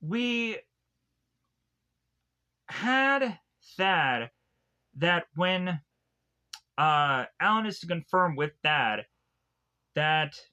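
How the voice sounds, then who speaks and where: A man's voice: a little high, expressive, very slow, pauses often, sharp tone, clear, resonant tone, highs cut off. A man casually retelling a film's plot as a reviewer, rambling and leaning heavily on "like" and restarts. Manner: rambling, heavy use of "like" and restarts. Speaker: film reviewer. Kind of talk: casual film recap.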